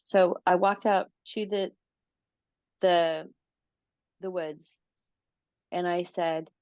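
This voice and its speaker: A woman guest in an interview, telling a personal story in a casual, animated way, often repeating words and acting out what she said. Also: fairly low pitch, slow pace, long pauses, no echo, highs cut off. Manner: animated, repeats words, acts out her own quotes.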